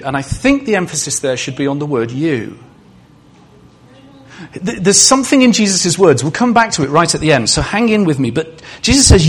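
A man's voice: fairly high pitch, very animated, normal speed, breathy edge. A male preacher giving a sermon in a conversational way, asking the congregation questions and adding humorous asides.

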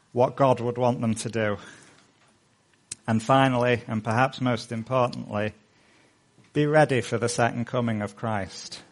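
A middle-aged male pastor preaching a sermon with earnest, rising appeals, then leading a hushed prayer. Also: mid-range voice.

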